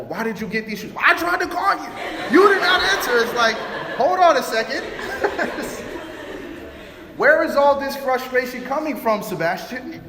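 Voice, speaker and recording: A man from Chicago giving a relationship talk, animated, acting out both sides of arguments in his stories. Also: high-pitched, a little hiss or hum. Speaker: youth speaker. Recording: roomy hall reverb.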